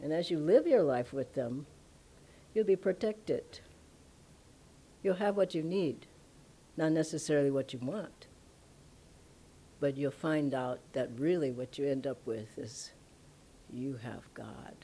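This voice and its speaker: Woman spiritual teacher, low-pitched, animated storyteller at a satsang. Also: measured pace, long pauses, slightly rough. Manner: animated, emphatic storytelling, laughs often. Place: ashram satsang hall.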